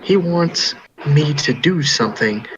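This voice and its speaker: A man telling his part of a tabletop game in character, halting and restarting often. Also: on the high side, lively intonation, fairly bright tone, muffled recording, a little hiss or hum. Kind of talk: in-character storytelling.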